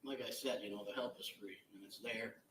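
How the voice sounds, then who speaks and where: A middle-aged man giving a blunt, halting, emotional victim impact statement in a courtroom, picked up from far off. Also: fairly low pitch, steady tone, noisy background. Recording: echoey courtroom audio from far off.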